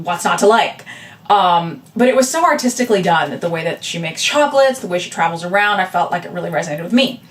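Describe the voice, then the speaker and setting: A woman's voice: medium pitch, recorded from a distance. A woman vlogger and artist talking casually to camera, rambling with lots of fillers and asides. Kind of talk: casual chatty vlog. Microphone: camera with a separate audio backup.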